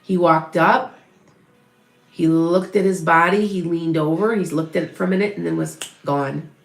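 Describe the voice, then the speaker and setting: A middle-aged woman talks viewers through a psychic reading, chatty and rambling, breaking off and restarting her sentences. Her voice sits a little low for a woman. The room around her rings with a noticeable echo. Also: moderate pace, creaky. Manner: rambling, chatty, many restarts and self-corrections. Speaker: psychic medium. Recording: roomy echo.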